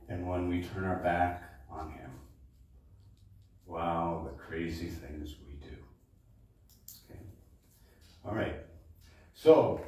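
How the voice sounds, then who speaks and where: A man's voice: sits low, a little mellow, a little hiss or hum. Chatty man onstage in an echoey room. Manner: chatty, keeps checking in with "okay?". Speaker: baritone singer introducing his show. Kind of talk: stage introduction to a live audience. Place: supper club performance room. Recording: echoey room, distant mic.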